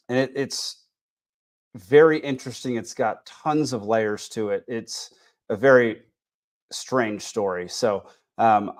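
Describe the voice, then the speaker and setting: Tired Texan podcast host rambling. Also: male voice, lowish voice. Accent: Texas. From Texas. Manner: rambling with many fillers and restarts. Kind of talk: casual podcast chat.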